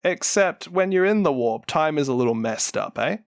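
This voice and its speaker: Animated Kiwi man retelling lore. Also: fairly high pitch, moderate pace, vocal fry, smooth, no echo, studio quality. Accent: New Zealand. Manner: animated, laughs often, acts out quotes. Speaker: podcast co-host.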